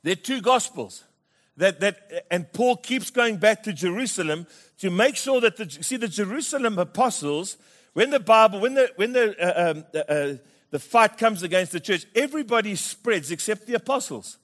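A middle-aged pastor preaching with lively humour. He repeats words as he builds his points and keeps checking in with "Amen?" His voice sits fairly high. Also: moderate pace. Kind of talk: sermon with comic storytelling.

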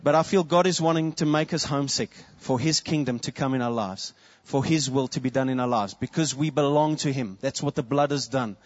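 A man's voice: mid-range voice, brisk, hardly any pauses, lo-fi sound. A man preaching a sermon as a pastor, earnest, quoting prayers and his children.

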